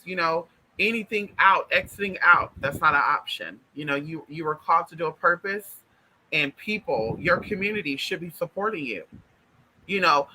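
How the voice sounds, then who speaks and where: Emphatic man with a sharp, bright voice. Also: fairly high pitch, rough recording. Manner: emphatic, repetitive, calls viewers honey and y'all. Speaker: spiritual vlogger. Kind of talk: casual direct-to-camera monologue.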